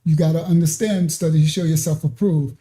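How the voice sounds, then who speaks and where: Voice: mid-range voice, fairly even intonation, a little fast, warm tone. A ministry teacher giving an informal scripture lesson, explaining step by step and checking in with "right?" and "okay?" as he goes off on side paths. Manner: digressive, with many fillers and restarts.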